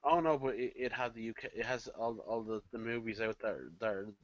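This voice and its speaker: A man co-hosting a casual film podcast, halting and repeating his words and laughing easily. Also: medium pitch, dry recording. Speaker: podcast co-host. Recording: dull dry lo-fi podcast mic.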